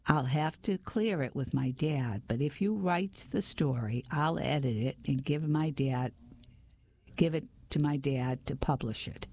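A woman's voice: low-pitched, unhurried, warm tone. A woman reading a story voices a young man, a helpful reporter boyfriend, friendly and matter-of-fact.

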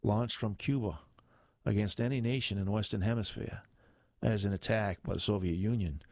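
A man's voice: on the low side, normal speed, a little mellow, no echo, clean studio sound, close to an everyday voice. A man imitating a president giving a formal address on television. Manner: formal, declamatory.

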